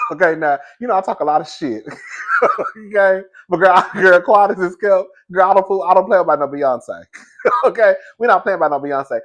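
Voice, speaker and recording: A man telling a comic story in a lively way, laughing often and saying "girl" in almost every line. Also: on the high side. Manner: animated, laughs often, says "girl" constantly. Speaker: comedic commentator.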